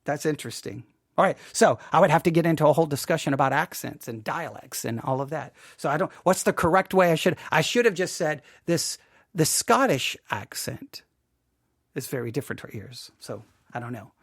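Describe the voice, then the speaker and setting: A man from the United States hosts a casual Bible podcast, rambling and poking fun at himself as he restarts his sentences. His voice sits a little high for a man and has a gravelly edge. The sound is close and dry, with no room around it. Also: animated, a little fast, dry recording. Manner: self-deprecating, rambling with many restarts. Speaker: podcast host.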